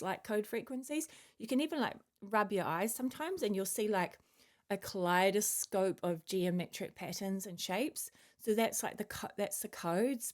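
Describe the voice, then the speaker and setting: A woman's voice: medium pitch, a little mellow. Woman channeler, loose musing delivery, filler-heavy, mid-range voice. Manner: chewing a mint while talking. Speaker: channeler sharing spiritual messages. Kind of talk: casual spiritual monologue.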